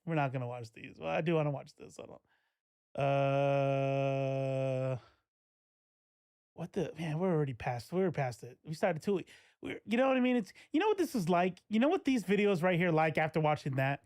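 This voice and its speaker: A man's voice: a little high, expressive, normal speed, a little mellow, dry recording. Man in his forties, casual streamer host, rambling chatter, dry close-mic sound. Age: 40s. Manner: rambling, laughing, self-interrupting. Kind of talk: casual live-stream commentary.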